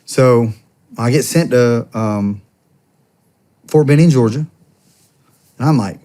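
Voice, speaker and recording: A man's voice: medium pitch, takes it slowly, pauses often. Man in his thirties telling stories. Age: 30s. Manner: animated, acts out quoted dialogue. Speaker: podcast guest. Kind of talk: casual storytelling.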